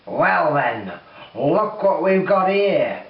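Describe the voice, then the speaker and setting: A man voicing a gloating male demon leader, taunting slowly and loudly. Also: sing-song, recorded from a distance, heavily acted. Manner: slow sneering taunts, louder and higher. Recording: dull roomy recording from off-mic.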